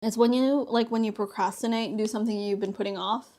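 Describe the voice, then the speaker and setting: Streaming a crafting session, this young woman keeps up a chatty flow, laughing often and voicing the characters in her anecdotes. Her pitch is on the high side and fairly even, her pace quick, her tone slightly mellow.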